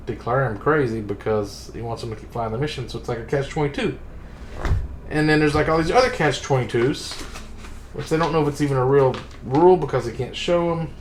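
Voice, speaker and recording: A man in a casual book club chat, retelling scenes in a rambling, profane, exasperated way. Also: medium pitch. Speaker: streamer reviewing a book. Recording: roomy sound with faint ambient noise.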